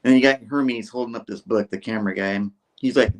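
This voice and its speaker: A man's voice: mid-range voice, a little fast, poor audio. A man co-hosting a casual show, loosely retelling a comic story with lots of fillers. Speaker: co-host reading a comic aloud. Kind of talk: casual podcast chat, recapping a comic.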